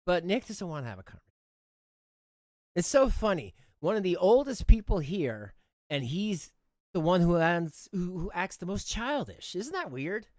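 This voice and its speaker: A man's voice: high voice, sing-song, normal speed, darkish tone, no room sound, clean studio sound. A man hosting a livestream, ranting and mocking in an indignant, rambling way with many restarts. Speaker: livestream host.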